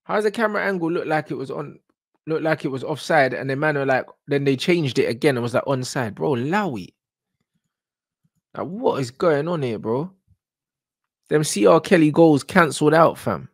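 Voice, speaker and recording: A young man, giving live reaction commentary on football, slangy and shouting in disbelief. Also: a little high, animated, normal speed, no room sound. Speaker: football watch-along streamer.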